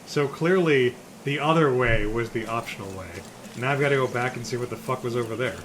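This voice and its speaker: A man's voice: medium pitch, a little fast, fairly bright tone, slight background noise. A man playing a game on stream, chatting casually and dropping dry jokes. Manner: dry, joking asides. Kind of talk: casual chat while gaming.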